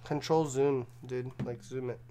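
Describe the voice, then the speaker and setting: A man's voice: medium pitch, fairly even intonation, a little slow, mellow, slight background noise. A young man co-hosting a casual livestream, reading out chat questions and teasing his partner. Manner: joking, teasing banter. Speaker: livestream co-host.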